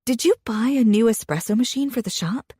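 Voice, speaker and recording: A young woman reading a first-person romance audiobook in an expressive, intimate way, with a husky voice. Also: on the high side, brisk, dry recording, clean studio sound. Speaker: audiobook narrator.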